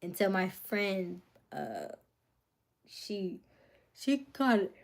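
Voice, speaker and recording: A woman's voice: medium pitch, big pitch swings, very slow, gravelly, pauses often. A young woman hosting a casual livestream, talking through her dating experiences with lots of fillers and frequent drops into a near whisper. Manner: rambling, many fillers, drops to whispers and back. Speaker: livestream host.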